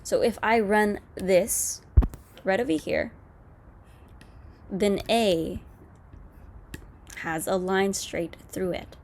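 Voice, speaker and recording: A woman's voice: medium pitch, drawn-out words, gravelly, pauses often, darkish tone, a little hiss or hum. Casual woman teaching code. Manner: casual, explanatory, with fillers and self-corrections. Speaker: coding tutorial host. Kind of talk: screen-recorded coding lesson.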